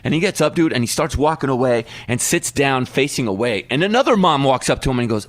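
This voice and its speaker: A man in his thirties tells a long, animated story to his co-hosts, switching into voices whenever he quotes someone. He sits at a mid pitch, and the recording is close and dry with no room sound. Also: fast, hardly any pauses, no echo. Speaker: podcast co-host. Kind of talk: casual storytelling chat.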